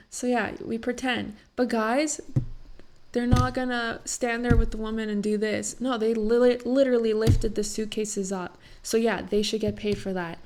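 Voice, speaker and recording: A woman's voice: a little high, level tone, a little slow, background noise. A young woman talking casually in a reaction vlog, rambling with many fillers and teary after having cried. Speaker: vlogger reacting to a talk show.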